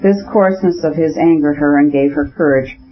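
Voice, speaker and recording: Guy narrating an old novel, husky voice, kinda muffled lo-fi sound. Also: on the high side, brisk. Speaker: audiobook narrator. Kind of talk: scripted narration of a classic novel. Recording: dull lo-fi audiobook recording.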